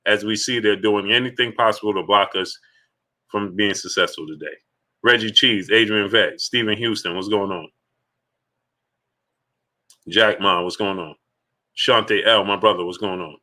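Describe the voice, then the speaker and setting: A man's voice: lowish voice, moderate pace, pauses often, bright, forceful tone. A man hosting a live sports stream in a casual, emphatic way, repeating his points and greeting viewers in the chat one by one.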